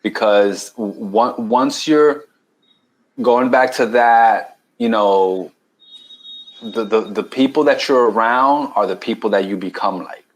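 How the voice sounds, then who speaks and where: A man's voice: fairly low pitch, slow pace, rough recording. A man from New York with a New York accent, a guest on a podcast who explains things at length, restarting words and checking in with "right?". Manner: explanatory, repeats words and says "right?" often. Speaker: guest, keto challenge coach. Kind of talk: casual podcast conversation.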